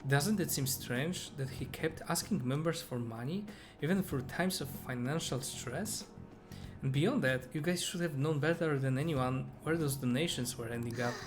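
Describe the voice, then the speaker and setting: With game music in the background, a man reads the lines of an earnest, remorseful young female fortune teller from a game. He uses his own natural voice, mid-range in pitch, at a normal pace.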